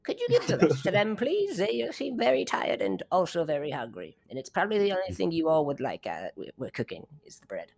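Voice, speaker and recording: A man's voice: high voice, huge pitch swings, fairly quick, creaky, few pauses, crowd noise, voice pushed up, exaggerated voice. A man voicing a shy, apologetic male dwarf baker in a tabletop game. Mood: pleading.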